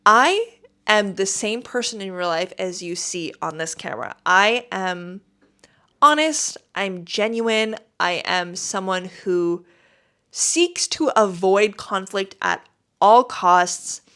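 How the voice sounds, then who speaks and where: A woman's voice: medium pitch, takes it slowly, clear, resonant tone. A woman hosting her podcast at home, telling a story in a casual, emphatic, exasperated way. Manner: animated, emphatic, exasperated retelling. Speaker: podcast host.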